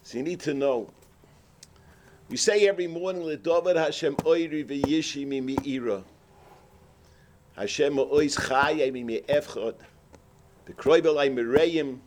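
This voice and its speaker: Animated high-voiced man giving a sermon. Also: slow, pauses often. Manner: animated storyteller, acts out characters, cries out. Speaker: rabbi. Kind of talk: sermon with storytelling.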